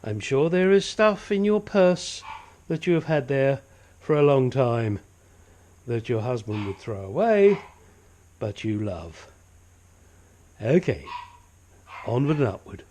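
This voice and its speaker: A man's voice: medium pitch, animated, slow, long pauses, darkish tone. A man with a mid-range voice walks through a car seat repair in an easy, chatty way. He keeps slipping in jokes and friendly asides as he goes. A faint background noise runs under the recording. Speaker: DIY car repair vlogger. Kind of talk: casual how-to tutorial. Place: home workshop in the desert.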